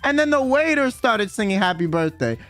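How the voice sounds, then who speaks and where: A young man streaming, telling a funny story in casual chat, excitable and swearing a lot as he acts out what people said. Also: high voice, soft background music. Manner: excitable, swears a lot, quick quoted voices.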